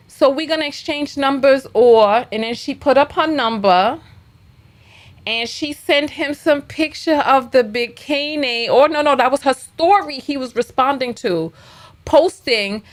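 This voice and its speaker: A woman hosting a reaction show, commenting casually and bluntly while reading messages aloud. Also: sits high. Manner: chatty and blunt, reads screenshots aloud.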